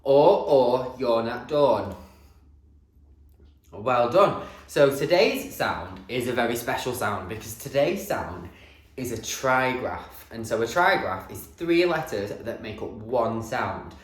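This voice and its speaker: Man, primary teacher, slow and very lively sing-song phonics delivery, echoey classroom sound. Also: medium pitch. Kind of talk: phonics lesson for young children.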